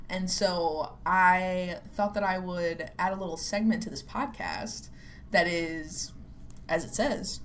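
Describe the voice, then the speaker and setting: A young woman muses aloud on her solo podcast, drifting between thoughts with constant "like" fillers and a self-deprecating edge. Her delivery is casual and unpolished, with the odd swear word. A faint ambient noise sits under her voice. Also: lowish voice. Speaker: podcast host.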